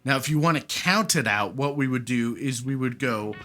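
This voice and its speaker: A man giving a casual beginner guitar lesson, chatty and relaxed, counting out rhythms. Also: medium pitch, normal speed. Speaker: guitar teacher. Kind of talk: casual instructional talk. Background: guitar playing.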